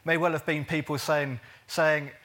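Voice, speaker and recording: Bright-voiced preacher. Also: male voice, on the high side, level tone, normal speed. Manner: earnest, jokey asides, stretches words for emphasis. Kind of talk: sermon.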